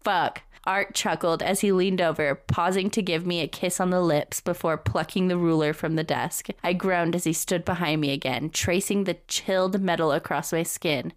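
A woman's voice: fairly low pitch, steady tone, moderate pace, hardly any pauses, no room sound, studio quality. A young woman co-hosting a podcast, reading a romance novel aloud and often breaking into laughter. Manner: reads dryly, breaks into laughter. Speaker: podcast co-host.

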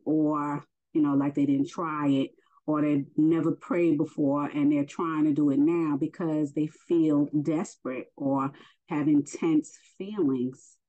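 Woman, low and leisurely, hesitant faith teacher with lots of fillers, muffled recording. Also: steady tone, dark tone. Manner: unhurried, hesitant, many fillers. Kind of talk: casual spoken religious lesson. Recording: dull lo-fi recording.

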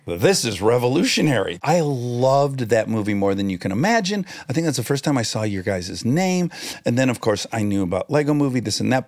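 A man's voice: medium pitch, no echo. Chatty American man hosting. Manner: effusive, storytelling. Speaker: podcast host. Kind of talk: casual chat.

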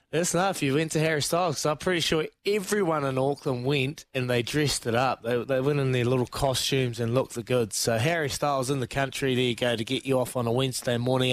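A man hosts a morning sports radio show in easy banter. He is chatty, laughs often and circles back over his own words, at a middling pitch. His voice sits dry and close on a studio mic. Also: no room sound. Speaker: breakfast sports radio host.

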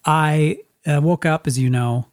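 Middle-aged male podcast host from Spokane, slightly high voice, casual rambling storyteller. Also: a little slow, dry recording, clean studio sound. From Spokane, USA. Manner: rambling, frequent restarts, acts out quotes.

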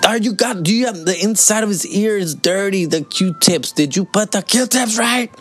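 A man putting on a high, shrill voice to play a bossy mother who scolds and complains about how the kids are cared for. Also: moderate pace, faint music behind, natural voice. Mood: nagging. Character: nagging bossy mother, fussing over the kids.

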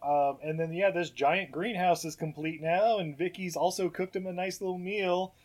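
A man's voice: high voice, fairly even intonation, normal speed, a little mellow. A man co-hosting a podcast, recapping a movie in casual chat, laughing often and acting out lines. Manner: laughs often, acts out lines in goofy voices. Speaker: podcast co-host.

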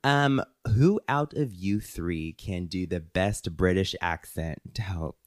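A woman's voice: rumbling low, dry recording, studio quality. A woman co-hosting a casual podcast with her sisters, reading out listener questions in a teasing, playful way. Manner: teasing, playful, drawn-out emphasis.

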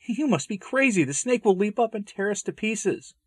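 A man voicing a frightened young priest who refuses in alarmed, high-pitched protests while reading a story aloud. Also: very animated, moderate pace, husky, dry recording, studio quality. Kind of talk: read-aloud dialogue.

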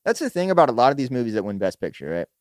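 Young guy podcast cohost, fast and animated, jokey, dry close mic. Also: mid-range voice, no echo. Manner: animated, jokey, quick back-and-forth. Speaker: podcast co-host. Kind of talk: casual chat.

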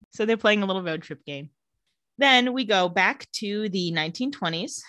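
A young adult woman of medium pitch co-hosts a podcast, recorded in studio quality with no echo. She recaps a TV episode conversationally, animatedly acting out characters' dialogue in rapid voices.

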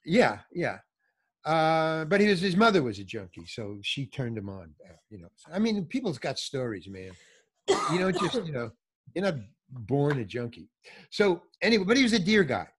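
Animated older man telling stories. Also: moderate pace, husky. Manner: animated, acts out quotes with big pitch jumps. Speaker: comedian guest telling stories. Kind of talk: casual storytelling chat.

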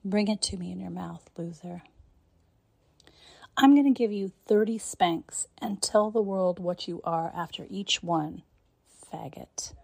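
A woman performing a scripted dominant role-play monologue in a commanding, taunting manner, often dropping into breathy whispers. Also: lowish voice, unhurried, darkish tone, dry recording. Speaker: narrator.

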